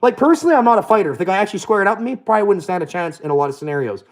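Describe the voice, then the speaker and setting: A young man rattles off profane, boastful stories. He talks at a rapid clip in a fairly high voice. The tone is swaggering and combative throughout. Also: expressive. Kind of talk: casual storytelling rant.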